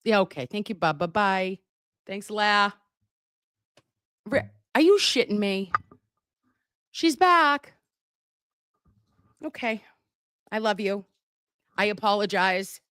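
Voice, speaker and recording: A woman's voice: mid-range voice, a little slow, long pauses, a bit bright, dry recording, studio quality. A middle-aged woman hosting a casual livestream, sassy and profane as she banters with her viewers. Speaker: livestream host, legal nurse consultant. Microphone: desk microphone.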